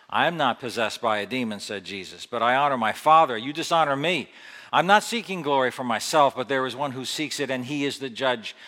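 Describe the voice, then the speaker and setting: A man preaches with a bright, forceful voice that carries a long echo around a large hall. He reads scripture with building emphasis, then shifts into an easy, explanatory tone to teach his listeners. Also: medium pitch. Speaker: Bible teacher. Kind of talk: sermon mixing scripture reading and explanation.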